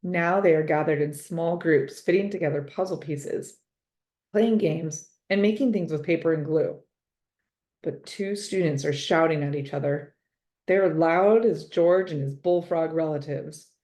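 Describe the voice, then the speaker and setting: A woman narrating a children's storybook in a lowish, mellow voice. She reads expressively and stretches words out for effect. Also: unhurried. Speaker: storybook reader.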